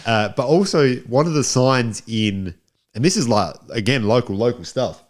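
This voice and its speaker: A man's voice: mid-range voice, expressive, normal speed. An Australian man co-hosting a film review podcast in casual chat, often repeating and restarting his words.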